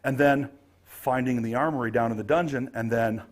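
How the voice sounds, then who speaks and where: A man's voice: mid-range voice, steady tone, normal speed. A man narrating a tabletop game as game master, setting scenes vividly with frequent ums and restarts.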